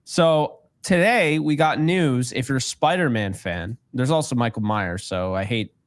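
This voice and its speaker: A man's voice: mid-range voice, unhurried, no room sound. A man co-hosting a casual podcast, joking and rambling, laughing often. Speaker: podcast co-host. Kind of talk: casual chat.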